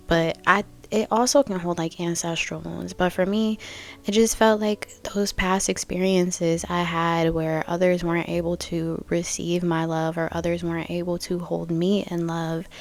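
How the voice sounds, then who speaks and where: A woman's voice: on the low side, darkish tone. A young adult woman hosting a reflective spiritual podcast, musing casually and thinking aloud with many fillers. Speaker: podcast host.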